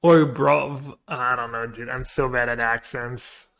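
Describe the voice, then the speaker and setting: A man streaming a card game, thinking his moves through aloud and trailing off into quiet mutters, with joking asides to chat. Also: mid-range voice, monotone, moderate pace. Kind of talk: thinking aloud while playing.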